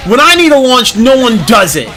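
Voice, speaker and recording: A man's voice: very high-pitched, big pitch swings, a little fast, pushed and bright. A man streaming a video game live, talking casually, laughing often and swearing as he rambles over the play. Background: game music.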